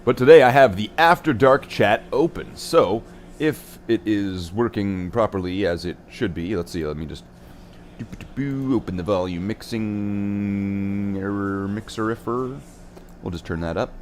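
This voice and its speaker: A man's voice: fairly low pitch, a little hiss or hum. A young man streaming from his hobby room, chatting casually and goofily as he paints miniatures, drifting off into silly repeated words. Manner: goofy and playful, sings nonsense and repeats words. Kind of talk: rambling casual livestream chat.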